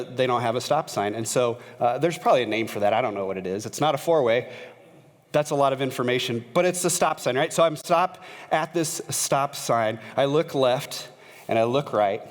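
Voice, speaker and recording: Male pastor, conversational storytelling sermon, lots of "uh" fillers, long church-hall reverb. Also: medium pitch. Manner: conversational, frequent "uh" fillers, grows animated when retelling a story. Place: church sanctuary.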